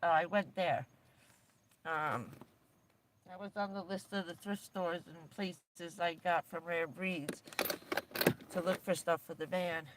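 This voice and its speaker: A woman's voice: fairly low pitch, fairly even intonation, takes it slowly, long pauses, noisy background. A woman livestreaming from inside her camper van, chatting casually and rambling along with lots of fillers and little laughs.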